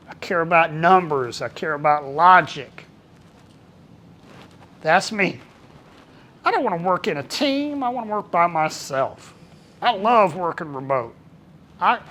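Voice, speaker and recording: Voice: mid-range voice, sharp tone. A workplace trainer giving a casual, talkative presentation to a small group. The delivery is colloquial, and the trainer acts out bits of dialogue.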